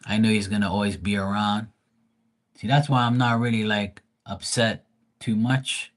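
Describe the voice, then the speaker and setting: A man's voice: fairly low pitch, little pitch movement, normal speed. A man grieving, talking casually and profanely in a rambling livestream, often restarting his sentences. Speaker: tarot reader streamer.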